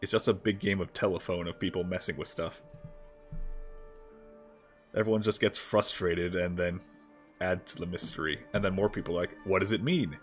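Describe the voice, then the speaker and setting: Man, low deep voice, VTuber game streamer, casual joking commentary, offhand swearing. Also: steady tone, moderate pace, pauses often, faint music behind. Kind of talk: casual gameplay livestream commentary.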